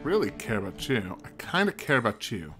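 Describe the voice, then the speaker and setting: Guy streaming a puzzle game, muttering his guesses out loud, music playing loud behind him. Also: mid-range voice, very animated, brisk. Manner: thinking aloud, muttering to himself. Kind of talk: let's play commentary.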